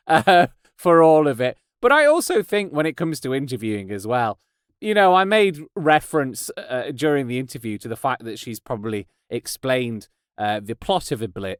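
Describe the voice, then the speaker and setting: A man's voice: medium pitch, a bit bright, smooth, no echo. A man hosting a podcast, rambling in a casual, self-mocking way with frequent laughs and restarts, recorded in a padded home studio booth. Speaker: podcast host and voice actor. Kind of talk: casual monologue.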